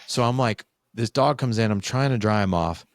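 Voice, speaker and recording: Lowish-voiced and moderately paced, a forty-something man guesting on a podcast shares a candid family story, recorded dry with clean studio sound. He's animated throughout, performing the quoted dialogue in casual conversation.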